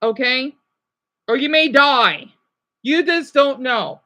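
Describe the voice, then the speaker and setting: A man's voice: very high-pitched, slow pace, bright, forceful tone. A man in his thirties ranting in a rambling, agitated commentary vlog, swearing often and then apologizing. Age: 30s. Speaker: vlogger.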